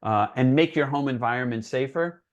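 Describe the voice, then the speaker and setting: A man's voice: medium pitch, brisk, dull audio. A man giving an educational talk for parents in an earnest, reassuring, conversational way. He often checks in with his listeners by asking "right?". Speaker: presenter for parents. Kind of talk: educational presentation.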